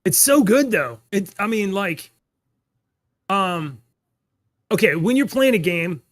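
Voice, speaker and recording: A man in his thirties co-hosting a podcast, chatting casually and telling animated, rambling stories with laughs. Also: high voice, slow pace, no echo. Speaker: podcast co-host. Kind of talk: casual chat.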